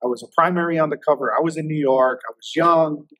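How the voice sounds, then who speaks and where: A man's voice: a little high, fast, a bit bright, no echo, low-quality recording. A man in his fifties, a federal agent guest telling stories casually in an interview, with a loose, filler-heavy way of talking.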